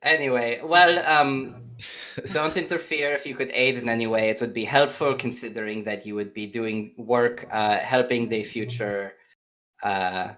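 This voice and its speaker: A man's voice: mid-range voice, fairly even intonation, unhurried, a bit bright, low-quality recording. A man playing a tabletop game, talking in a brash, joking way while speaking in character. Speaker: player.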